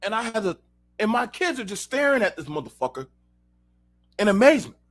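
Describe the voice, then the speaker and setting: A man's voice: sits high, very animated, a little fast, fairly bright tone. A man hosting an unfiltered talk show, telling heated, profanity-laced stories and speaking directly to his listeners. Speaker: show host. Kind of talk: unfiltered casual rant.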